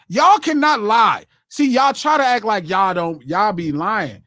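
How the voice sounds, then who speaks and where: A man co-hosting a livestream podcast in casual chat, animated and profane, laughing often and mimicking other voices as he talks. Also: high-pitched, a little slow, hardly any pauses, no room sound, clean studio sound. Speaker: podcast co-host.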